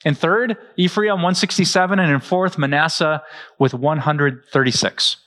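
A middle-aged man, preaching a sermon as pastor in a lively, joking way. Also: a little high, moderate pace. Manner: lively, joking, with frequent laughs.

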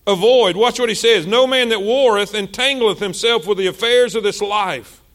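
A male pastor, preaching a sermon with passion, repeating himself and swinging between loud and soft. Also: sits high, normal speed.

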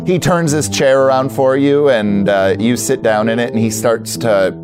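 A man runs a tabletop role-playing game as game master, describing each scene in a relaxed, rambling way. His voice sits at a mid pitch, with guitar music in the background. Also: moderate pace.

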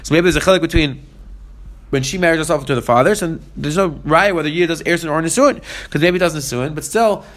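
Fast-talking man teaching Talmud. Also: on the high side, a bit bright. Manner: reads Aramaic lines then explains in English. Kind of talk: fast Talmud study lesson.

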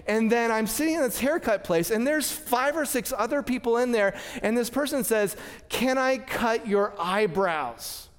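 Man, high register, sermon storyteller who trips over words; hall reverb trailing. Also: normal speed, few pauses. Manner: frequent stammering restarts. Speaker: pastor. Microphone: clip-on mic.

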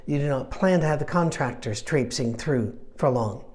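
A man's voice: mid-range voice, normal speed, darkish tone. A middle-aged man preaching a sermon in a conversational way, with self-deprecating asides. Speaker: pastor.

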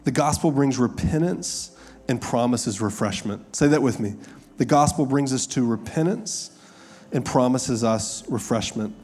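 Brief: pastor in his thirties, casual sermon delivery, mid-pitched voice. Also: a little mellow. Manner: conversational, laughing asides, emphatic slow repeated lines.

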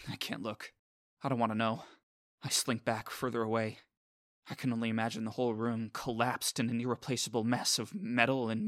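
A man's voice: medium pitch, no room sound. Male narrator, earnest self-conscious inner voice, dry booth sound. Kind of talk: scripted first-person narration.

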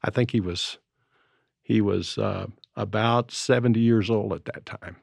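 A man in his seventies telling stories in a relaxed, reflective conversation as co-host. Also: lowish voice, measured pace, gravelly, husky, no room sound, clean studio sound. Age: 70s. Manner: storytelling, reflective. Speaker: podcast co-host. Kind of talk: casual conversation. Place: Colorado.

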